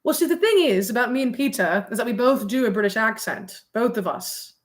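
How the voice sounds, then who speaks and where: Chatty woman with a higher voice. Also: expressive, fairly quick. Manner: chatty, rambling, many "like" fillers, laughs often. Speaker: streamer. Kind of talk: casual livestream chat with viewers.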